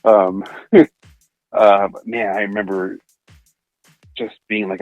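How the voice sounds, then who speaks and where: A man's voice: on the low side, level tone, normal speed, no echo, dull audio, soft background music. A young man hosting a casual podcast film review, laughing often and acting out movie lines in put-on voices. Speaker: podcast host.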